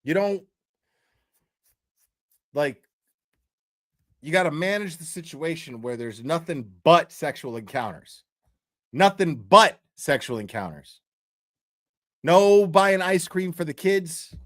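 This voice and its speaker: A man's voice: a little high, lively intonation, slow, pauses often, a bit bright, dry recording, studio quality. A man hosting a commentary show, delivering a crude, profane rant with emphatic repetition. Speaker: commentary host.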